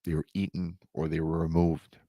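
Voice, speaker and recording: A man's voice: sits low, level tone, normal speed, dark tone, no echo, clean studio sound. A man hosting a show, dramatically retelling a listener's emailed story with emotional asides. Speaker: host reading listener accounts. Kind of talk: storytelling podcast narration.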